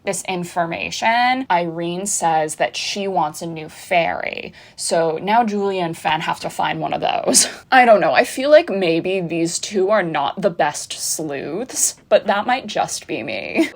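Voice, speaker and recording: A woman in her twenties recapping a TV season in a chatty, animated way with sarcastic asides. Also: on the low side, takes it slowly, hardly any pauses. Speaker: pop culture vlogger. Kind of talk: casual TV recap.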